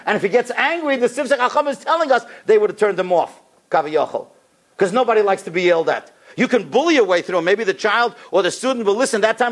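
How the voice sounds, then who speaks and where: A rabbi giving a sermon, telling stories with an animated delivery and a voice that climbs on the key points. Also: male voice, high-pitched. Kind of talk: sermon storytelling.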